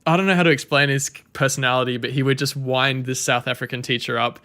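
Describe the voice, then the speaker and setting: A man's voice: medium pitch, steady tone, fast talker, sharp tone. A man chatting casually on a live stream, rambling and swearing freely.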